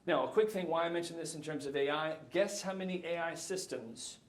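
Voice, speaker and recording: Animated man in his fifties, echoey hall. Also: a little high, a little fast. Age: 50s. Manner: animated, jokey, addresses the audience. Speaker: keynote speaker. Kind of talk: conference talk. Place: lecture hall.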